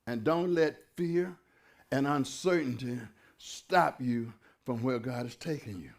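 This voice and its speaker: A man preaching a sermon as pastor, fervent and conversational, building to shouted peaks with folksy asides. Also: medium pitch, slow.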